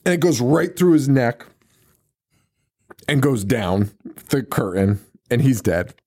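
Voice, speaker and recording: A man's voice: mid-range voice, very animated, takes it slowly, dark tone. A man co-hosting a podcast, chatting casually and profanely as he recaps a movie, laughing and acting out scenes. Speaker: podcast co-host.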